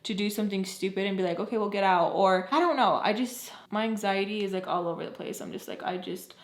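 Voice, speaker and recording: A woman's voice: mid-range voice, fast talker, roomy sound. Blunt, mouthy young woman telling a story. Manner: blunt, mouthy, swears freely. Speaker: storytime vlogger. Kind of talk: casual storytime chat.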